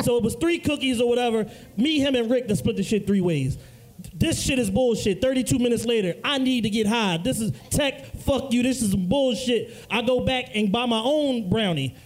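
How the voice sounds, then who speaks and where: A man's voice: very high voice, normal speed, rough recording. A man, co-hosting a live podcast and telling profane, joking stories at a comedy club show. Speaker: podcast co-host.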